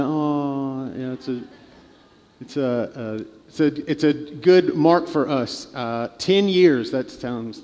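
Halting male preacher in a reverberant hall. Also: medium pitch, darkish tone, dull audio. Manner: halting storytelling with many restarts. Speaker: pastor. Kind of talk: sermon.

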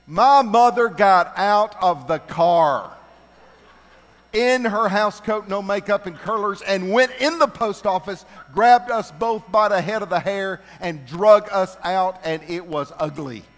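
A middle-aged man telling humorous family stories to a congregation, animated and building to loud, laughing punchlines. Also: sits high, unhurried. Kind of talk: humorous personal storytelling. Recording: long reverb of a large hall.

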